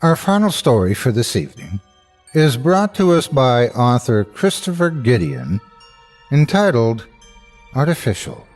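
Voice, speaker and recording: Lively male horror story narrator. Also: medium pitch, unhurried, soft background music.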